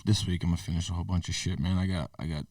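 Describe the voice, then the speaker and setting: Man, low voice, fast laid-back talk, casual podcast chat, dry room. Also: fairly even intonation, warm tone, no echo, recorded from a distance. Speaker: podcast co-host.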